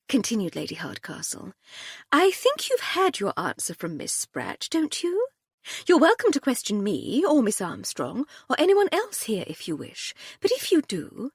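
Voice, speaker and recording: Woman reading unflappable upper-class lady detective, arch, breezy, lively intonation, dry close sound. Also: fairly high pitch, slightly rough, no echo, voice pushed up, heavily acted.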